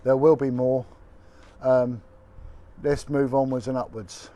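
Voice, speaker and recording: A man's voice: mid-range voice, little pitch movement, takes it slowly, dark tone. A man, a former detective giving a blunt, indignant, colloquial video update. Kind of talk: impassioned direct-to-camera update.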